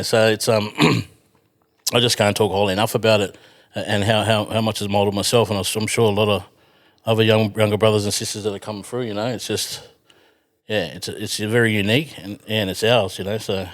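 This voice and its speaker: A man's voice: lowish voice, steady tone, brisk. A man with an Australian accent, a podcast guest telling rambling stories in casual chat, full of fillers, restarts and the odd swear word.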